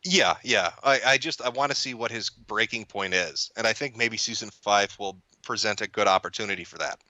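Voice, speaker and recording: Bright and forceful in tone, this man's low-leaning voice moves fairly quickly as he chats casually as a guest. He's amused and profane, rambling, restarting sentences and laughing while he talks; there's no echo.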